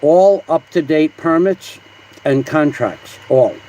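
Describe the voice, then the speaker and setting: A man chats on a casual live stream, voice a touch high for a man. He rambles and argues back at viewers. A faint hiss sits under his voice. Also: slow, dark tone, rough recording. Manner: rambling, combative, reads comments aloud with mock voices. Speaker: livestream host. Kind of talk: casual livestream chat reading comments.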